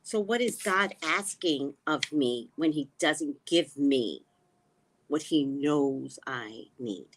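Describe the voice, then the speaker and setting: Slow, musing woman. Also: deep voice, expressive. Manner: slow, musing, often drops to a hushed tone. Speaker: spiritual reader and vlogger. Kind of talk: reflective personal talk. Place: living in the Caribbean.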